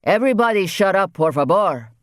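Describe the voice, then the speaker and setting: A man's voice: high-pitched, lively intonation, fairly quick, no echo, clean studio sound, pitched above the performer's own voice. A man voicing a cheeky teenage Mexican boy in jail, with a Mexican Spanish accent and slangy chatter.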